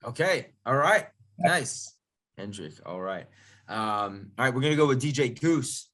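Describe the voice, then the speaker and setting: A man's voice: medium pitch, lively intonation, measured pace, fairly bright tone. A man as a DJ instructor, leading a casual online workshop in an upbeat, chatty, jokey way over a video call.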